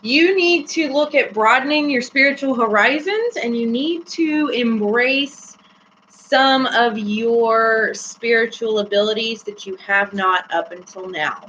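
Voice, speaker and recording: A woman's voice: fairly high pitch, measured pace, a bit bright. A woman hosting a casual live-stream tarot reading, chatty and giggly with many fillers. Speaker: host. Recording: slightly dull with faint hum.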